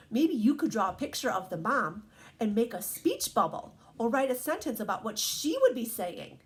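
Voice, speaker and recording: Animated woman teacher reading to kids. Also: fairly high pitch. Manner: gentle, encouraging, asks children questions. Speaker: teacher reading picture books to children. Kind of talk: storybook read-aloud lesson.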